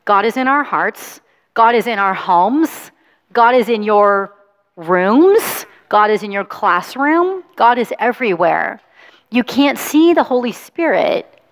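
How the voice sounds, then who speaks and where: A woman pastor with a fairly high voice reads the gospel and talks gently to children. She coaxes and encourages them. Her voice carries a long reverb through a church sanctuary. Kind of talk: gospel reading and children's sermon.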